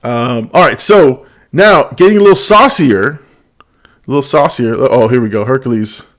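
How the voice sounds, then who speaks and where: A man's voice: medium pitch, moderate pace. Brief: male host, casual and giggly, reading chat on a live stream. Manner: laughs often while reading chat comments aloud. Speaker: show host.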